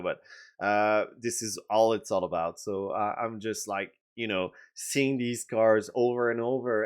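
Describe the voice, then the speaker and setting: A man with a French accent, a game designer giving a casual update video, talking hesitantly with many fillers and restarts. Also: lowish voice.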